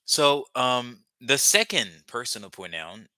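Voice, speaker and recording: Man, language teacher, patient and repetitive, bright sharp voice, dry close sound. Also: medium pitch, animated, dry recording. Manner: patient, repeats words slowly for learners. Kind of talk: live language lesson.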